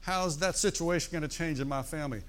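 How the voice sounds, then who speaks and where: Male pastor, fairly high voice, chatty sermon style, checks in with the room and leans on key words. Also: quick pace. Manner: conversational preaching with frequent "right?" and "amen?" asides.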